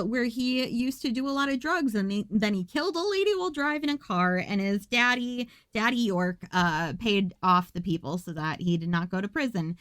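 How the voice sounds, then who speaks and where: A woman's voice: on the high side, fairly bright tone, dry recording. A woman hosting a podcast, recapping a movie in a casual, rambling way with profane jokes and asides. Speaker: podcast host.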